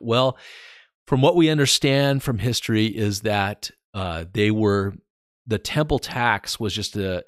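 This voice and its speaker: A man giving informal Bible teaching on his podcast, chatting casually and slowing down to read scripture with emphasis. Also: lowish voice, no room sound, clean studio sound. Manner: conversational, reads scripture slowly with emphasis.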